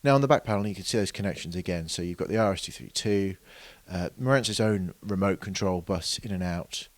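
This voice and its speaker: A man's voice: low voice, a little fast, no echo. A man explaining product features in an unscripted demonstration, hesitant with many fillers and restarts. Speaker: product reviewer.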